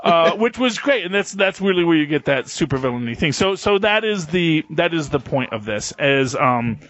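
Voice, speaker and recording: A podcast co-host chats casually, rambling with plenty of fillers and restarts. His voice sits a little high with big pitch swings, a normal pace, and a slightly bright tone. The lo-fi podcast audio is dull and dry.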